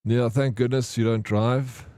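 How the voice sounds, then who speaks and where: A man's voice: mid-range voice, steady tone, a little slow, warm tone, dry recording, clean studio sound. A man, chatting casually with viewers on a live stream and rambling through stories full of slang. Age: 30s. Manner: rambling storyteller, slangy, says "bro" often.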